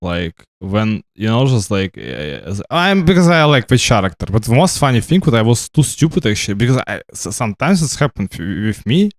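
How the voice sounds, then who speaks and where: Rambling gamer, lively pitch. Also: male voice, moderate pace, hardly any pauses, no room sound. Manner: rambling, stammering, tags "right?" often. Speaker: gamer streamer. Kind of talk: casual commentary while gaming.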